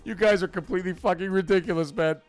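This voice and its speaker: A man hosting a late-night livestream, excitable and swearing a lot, getting out of breath as he swings from loud outbursts to low mumbling. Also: quick pace, faint music behind. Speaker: livestream host. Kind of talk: casual late-night stream chat.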